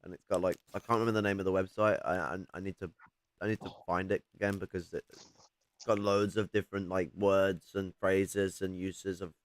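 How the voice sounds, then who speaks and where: A man's voice: deep voice, little pitch movement, moderate pace. A man hosting a live stream, chatting casually in a rambling, sweary, opinionated way. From Yorkshire, England. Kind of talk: casual chat.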